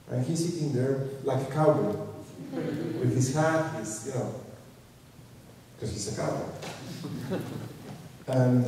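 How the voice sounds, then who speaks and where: A man tells anecdotes in a lecture at an unhurried pace. His voice is fairly high and soft, with halting restarts and chuckles between the jokes. He is heard from a distance in an echoey hall with a long reverb and faint room noise. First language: Spanish. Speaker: filmmaker giving a public lecture. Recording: echoey hall recording from afar.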